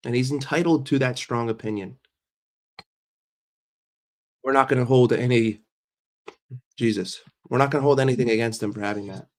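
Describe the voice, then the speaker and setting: A man's voice: mid-range voice, fairly even intonation, moderate pace, pauses often. A man hosting a casual livestream while sick and congested, chatting with viewers, greeting them by name and often repeating himself. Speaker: livestream host.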